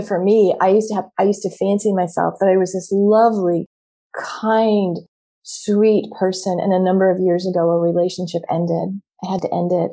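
Middle-aged woman coaching, frank and animated, husky warm voice. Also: fairly low pitch. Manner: candid and expressive, acts out quoted reactions. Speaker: speaker coaching women. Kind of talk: animated motivational talk.

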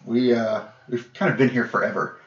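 A man's voice: medium pitch, fairly even intonation, normal speed, highs cut off, natural voice. A man voicing a weary woman warrior in plate armor, who sounds dry and impatient, in an echoey room.

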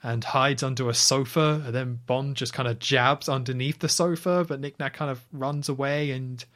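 A man co-hosting a podcast, casually recapping a film scene by scene with quick asides. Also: medium pitch, fairly even intonation, a bit bright. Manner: retells scenes at length, chatty with quick asides. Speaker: podcast co-host.

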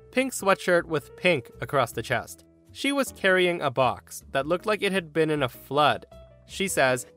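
Podcast guy reading out a story, lively voice that jumps around, a bit high, soft music behind. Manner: animated, playful storytelling. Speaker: podcast host. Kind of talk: reading stories aloud.

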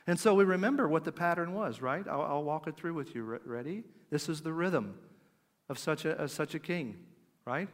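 A middle-aged man preaching a conversational sermon, asking his listeners questions and dropping to a quiet, slow voice for emphasis. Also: a little high, lively intonation. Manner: conversational, asks the audience questions. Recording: long hall reverb.

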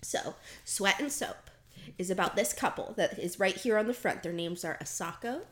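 A young woman co-hosting a podcast, talking in a loose, rambling way. She fills her sentences with "like", restarts often and breaks into laughter. Her pitch sits in the middle for a woman. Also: moderate pace, fairly bright tone. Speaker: podcast co-host. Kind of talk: casual chat.

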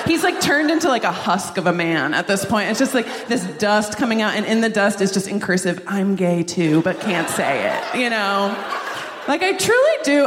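A woman's voice: medium pitch, fairly bright tone, a little hiss or hum. Rambling woman doing stand-up in an echoey hall. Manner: rambling, chatty, heavy use of "like" and "you know". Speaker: stand-up comedian, guest. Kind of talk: stand-up comedy set. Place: large live theater hall with audience. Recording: echoey live hall with long reverb.

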